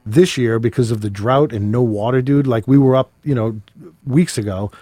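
A man's voice: mid-range voice, moderate pace, mellow, dry recording. A man, chatting casually as a podcast guest, laid-back and enthusiastic, swearing freely. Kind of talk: casual chat.

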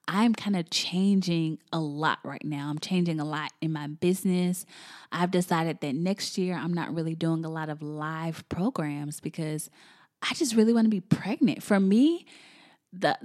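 A woman's voice: fairly low pitch, a little mellow. A woman in her thirties, a podcast host and business coach, telling a personal story in a chatty, emotional way and often calling her listeners y'all.

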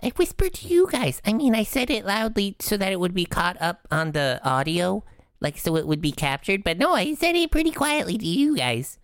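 A woman's voice: medium pitch, very animated, moderate pace, no echo, clean studio sound. A woman playing a tabletop game, joking and bantering in character. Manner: bubbly, jokey in-character banter. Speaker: player. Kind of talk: casual tabletop role-play.

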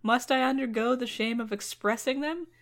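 A woman's voice: on the high side, normal speed, gravelly, pitched above the performer's own voice. A woman reading the lines of a haughty, lovesick old fairy woman in a comedic retelling, dramatic and disdainful. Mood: overwrought.

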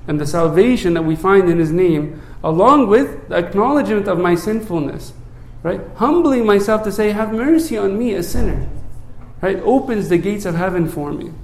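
High-voiced priest preaching in an echoey room. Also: male voice, lively intonation, moderate pace. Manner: conversational, often adds "right?" to check in with listeners; repeats words at the start of phrases. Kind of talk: sermon.

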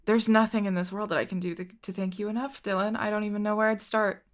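A woman voicing a grieving young woman who speaks softly and emotionally. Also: medium pitch, level tone, fast, natural voice. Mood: wistful. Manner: emotional, soft.

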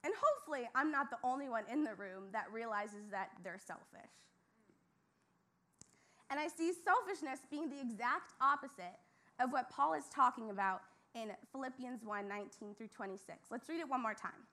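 A woman's voice: fairly high pitch, animated, normal speed, bright, forceful tone. A young woman giving a casual sermon, telling a self-mocking personal story in a chatty way with lots of "like". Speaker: youth speaker.

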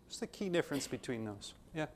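A man's voice: medium pitch, big pitch swings, fast, a little hiss or hum. A man teaching a theology class, talking conversationally and acting out dialogue from his own stories. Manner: conversational, acts out dialogue in anecdotes. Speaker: theology lecturer.

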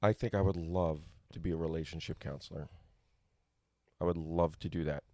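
A man's voice: extremely low pitch, fairly even intonation, moderate pace, darkish tone, no echo. A man co-hosting a casual podcast, arguing his point and playing devil's advocate. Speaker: podcast co-host. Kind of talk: casual chat.

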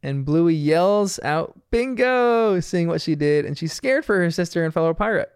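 Chatty male reviewer, somewhat high, smooth clear voice, dry close sound. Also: normal speed, a little mellow, no room sound. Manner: amused, chatty, laughing often. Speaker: cartoon episode reviewer. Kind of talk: casual episode recap.

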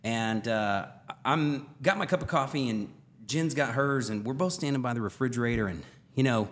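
A middle-aged man co-hosting a podcast, casually telling a story in an animated way, laughing and acting out quoted lines. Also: mid-range voice, normal speed. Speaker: podcast co-host.

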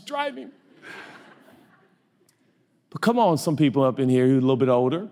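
A middle-aged male pastor preaching a lively sermon, self-mocking and animated, often jumping into high silly voices for comic asides. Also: fairly quick, pauses often. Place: church auditorium. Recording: long reverb of a large hall.

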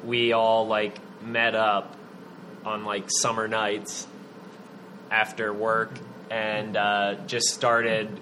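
Give me a bright young man chiming in. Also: on the low side, completely flat delivery, drawn-out words, slight background noise, rough recording. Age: young adult. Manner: short reactive chimes. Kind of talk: casual podcast chat.

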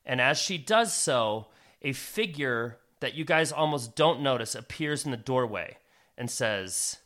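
A man's voice: mid-range voice, expressive, fairly bright tone. A man narrating a tabletop fantasy game as game master, dramatic with some fillers. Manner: dramatic, with fillers and slow emphatic phrases.

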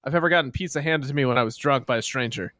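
Teasing young guy hosting a podcast, dry close mic, bright tone. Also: medium pitch, dry recording. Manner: teasing, quick comebacks, casual storytelling. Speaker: podcast co-host. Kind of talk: casual podcast chat.

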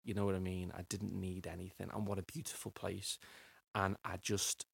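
Middle-aged guest, gravelly husky low voice, rambling storyteller, dry close mic. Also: male voice, little pitch movement, normal speed. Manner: rambling, repeats words while finding them. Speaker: podcast guest. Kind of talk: personal storytelling interview.

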